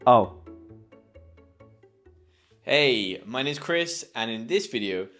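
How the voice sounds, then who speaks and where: A man's voice: mid-range voice, animated, slow pace, fairly bright tone, faint music behind. A man with a British accent teaching English in an upbeat, chatty YouTube lesson. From Britain.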